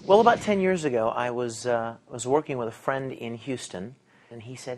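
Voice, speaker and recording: A middle-aged voice actor talks through his career in a casual interview. He is animated, laughs often and acts out the lines people said to him. His pitch sits in an ordinary middle range. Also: brisk, a little hiss or hum.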